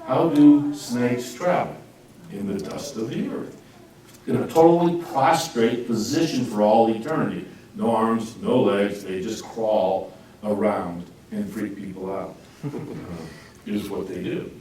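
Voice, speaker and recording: A man giving an informal Bible class, joking and acting out quotes in lively swings of voice. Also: measured pace. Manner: jokey, animated, acts out quotes with lively pitch swings. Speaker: Bible teacher. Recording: roomy echo, speaker far from mic, faint noise.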